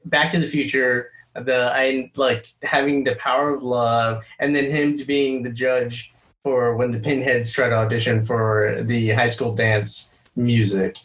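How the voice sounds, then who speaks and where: A man's voice: mid-range voice, flat delivery, a little slow, a bit bright. A man co-hosting a podcast, chatting casually and enthusiastically, laughing easily, with fillers. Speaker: podcast co-host. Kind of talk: casual chat. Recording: echoey room.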